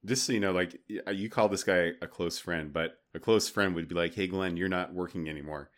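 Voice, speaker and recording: A man's voice: sits low, fairly even intonation, fairly quick. A man co-hosting a podcast, asking questions and teasing his co-host in casual chat.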